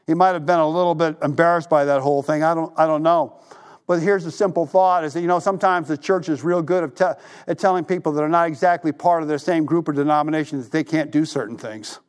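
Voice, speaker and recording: A male pastor preaching a sermon, telling stories animatedly, acting out the voices he quotes and dropping to a hush for emphasis. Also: on the high side, smooth. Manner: drops to a hushed voice for emphasis.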